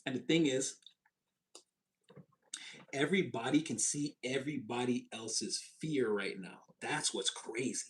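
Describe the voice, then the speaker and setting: A man giving a casual, animated tarot reading, chatty and expressive and quick to laugh. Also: a little high. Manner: animated, chatty, swings into voices, laughs often. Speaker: tarot reader.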